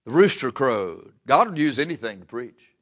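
Folksy preacher telling a story. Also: male voice, medium pitch, sing-song, moderate pace, a bit bright. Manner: folksy storytelling, acting out voices in dialogue. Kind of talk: sermon.

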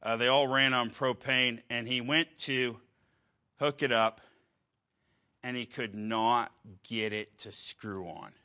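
A man preaching a sermon, telling a story with halting restarts and wry humor. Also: medium pitch, steady tone, bright, forceful tone.

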